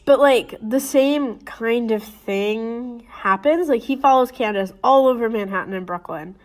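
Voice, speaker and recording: A woman's voice: fairly high pitch, measured pace. A young woman co-hosting a casual book discussion podcast, teasing and laughing as she talks. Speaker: podcast co-host.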